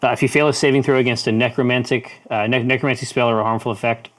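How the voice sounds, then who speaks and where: A man's voice: mid-range voice, steady tone, a bit bright. Man game master describing loot. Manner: measured, restarts while describing items. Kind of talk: running a tabletop game.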